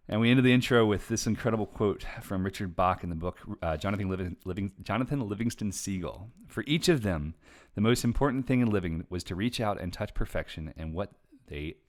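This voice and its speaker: This is a woman hosting a casual live book reading from her home. Her voice swoops through a wide, animated range of pitch. She reads fast and earnestly, breaking into laughter often as she chats. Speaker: author and show host.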